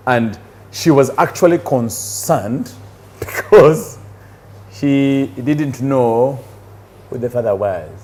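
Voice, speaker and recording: A man's voice: medium pitch, slow, pauses often, darkish tone. A Ugandan man co-hosting a casual chat show, teasing and arguing his point and laughing often. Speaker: co-host. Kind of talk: casual bar-table chat.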